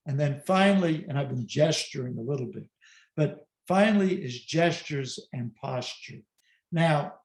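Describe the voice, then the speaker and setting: A speaker coach with a fairly high, darkish male voice presents online via video call from home. His style is conversational, with emphatic asides that poke fun at himself. A spacious, echoing room colors the audio.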